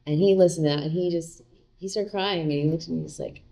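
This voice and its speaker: A woman's voice: on the low side, steady tone, fast talker, gravelly, warm tone. A middle-aged woman, a guest in a casual interview, telling a personal story in a chatty way, full of fillers and quoted dialogue.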